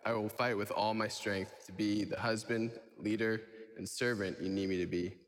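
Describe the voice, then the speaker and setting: A man's voice: fairly low pitch, fairly even intonation, moderate pace. A man, the groom, earnestly reading his wedding vows. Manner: earnest, devoted. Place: wedding venue. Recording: echoey ceremony hall.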